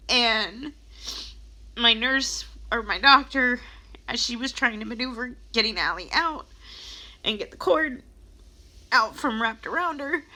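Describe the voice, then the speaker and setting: Brief: young woman vlogger, bright tone, unhurried, halting and emotional storytelling. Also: on the high side. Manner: emotional, halting, many ums, close to tears. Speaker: vlogger telling her birth story. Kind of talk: casual storytelling to camera.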